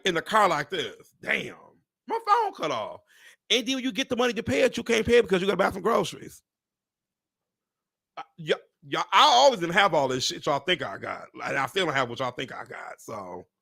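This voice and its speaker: A man telling animated, profane stories to live viewers, with preacher-like exclamations. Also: a little high, gravelly, no room sound, studio quality. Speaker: real estate agent hosting a live stream. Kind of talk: casual storytelling to live viewers.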